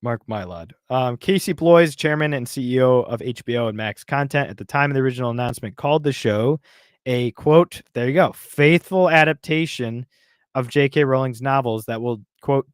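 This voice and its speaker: A man of middle pitch, heated and exasperated as he rants through a casual podcast chat. His voice sits close and dry on the mic, with no room sound. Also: moderate pace, clean tone, no echo. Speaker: podcast co-host.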